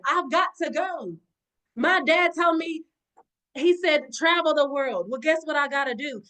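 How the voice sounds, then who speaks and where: On a video call, a woman motivational speaker with a high, sharp voice gives an impassioned talk. She preaches with repeated exhortations and calls her audience y'all.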